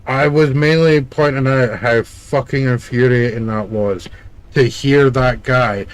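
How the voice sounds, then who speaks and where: A man's voice: medium pitch, fairly even intonation, measured pace. Sweary guy bantering while gaming, blunt and argumentative. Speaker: let's play co-host. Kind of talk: casual chat over gameplay.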